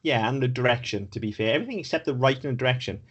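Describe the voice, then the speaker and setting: A man co-hosting a podcast, talking in a frank, animated way and swearing casually. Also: mid-range voice, racing, husky, dull audio. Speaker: podcast co-host. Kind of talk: casual chat.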